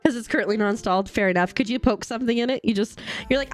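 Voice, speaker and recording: Rapid-fire and a little high-pitched, a young woman chats casually and rambles bubbly on her live craft stream as she stitches, reading and answering her chat. She records at home on a desk mic, with soft background music playing.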